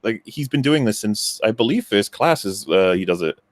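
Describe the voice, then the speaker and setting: A man's voice: on the low side, expressive, moderate pace, no echo. A young man, guest on a casual podcast, ranting animatedly and acting out his own reactions. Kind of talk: casual chat.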